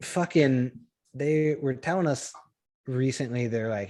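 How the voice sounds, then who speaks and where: A man venting on a podcast in casual banter, swearing freely and rambling with false starts. His voice sits at an ordinary middle pitch. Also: measured pace, a little mellow. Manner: profane, ranting, rambling with restarts. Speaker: podcast co-host.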